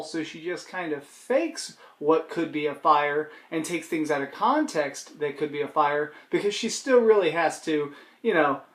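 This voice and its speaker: A man's voice: a little high, a bit bright. Sarcastic vlogger man in echoey room. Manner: sarcastic, swears casually. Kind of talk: casual sarcastic commentary.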